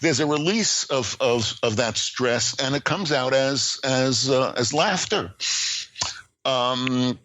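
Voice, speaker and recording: An older man, a screenwriting teacher and podcast guest, telling stories in a lively way with plenty of fillers and restarts. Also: mid-range voice, takes it slowly, low-quality recording. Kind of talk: casual interview, storytelling.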